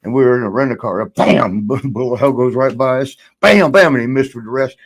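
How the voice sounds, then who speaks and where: A man's voice: medium pitch, brisk. An older man, a guest in a shoot interview, telling a rambling story and laughing now and then.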